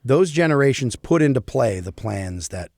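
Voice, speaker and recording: A man's voice: mid-range voice, expressive, moderate pace, gravelly, a little mellow, no echo. A man co-hosting a comedy podcast, chatting casually and rambling with lots of restarts and trailing sentences. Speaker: podcast co-host.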